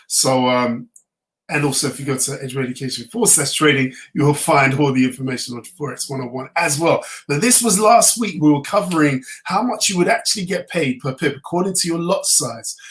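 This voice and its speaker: A man teaching a live online class, sounding a little tired. He explains step by step in a relaxed way. He often stops with ums and starts his sentences over. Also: on the high side, poor audio. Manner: relaxed, explanatory, many fillers and restarts. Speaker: trading course instructor.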